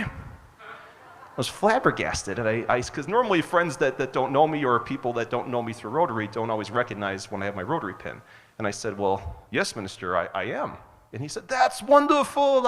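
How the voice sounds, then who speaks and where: A man's voice: mid-range voice, fairly bright tone. Earnest male storyteller, chatty, uh-filled, long hall reverb. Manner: earnest, conversational, frequent uh's. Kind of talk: personal story told on stage. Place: hotel event hall.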